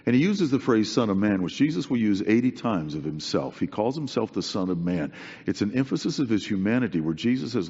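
Speaking a little fast in a sing-song way, a man with a fairly low, mellow, slightly rough voice gives a sermon. His delivery is earnest and conversational, with points stressed through repetition. Expect a dull recording and a long hall reverb.

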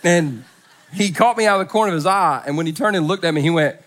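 Speaking fast in a high voice, a middle-aged pastor gives a humorous sermon at a church service. He tells stories full of comic impressions, going from soft to loud.

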